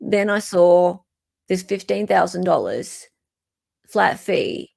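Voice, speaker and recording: A woman's voice: lowish voice, lively intonation, takes it slowly, gravelly, darkish tone. An Australian woman hosting a casual livestream, chatting, reading court documents aloud and reacting to viewer comments. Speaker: host.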